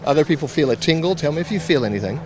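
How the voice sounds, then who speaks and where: A man's voice: a little high, expressive, very fast, a crowd in the background. A man doing a spoon-bending trick for a guest outdoors, talking her through each step like a showman. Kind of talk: performing a trick patter. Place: outdoor car show.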